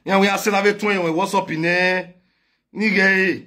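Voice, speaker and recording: A man with a Nigerian Pidgin accent, delivering a loud comic rant in chanted, repetitive call-outs. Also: high-pitched, steady tone, moderate pace. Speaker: online comedian. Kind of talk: singing and shouting comic rant.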